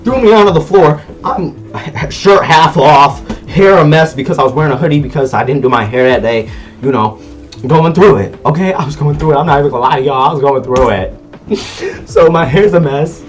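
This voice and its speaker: Animated man telling a story. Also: on the high side, moderate pace. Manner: animated storytelling, loud sound effects; casual slangy speech. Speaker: vlogger. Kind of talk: storytime vlog.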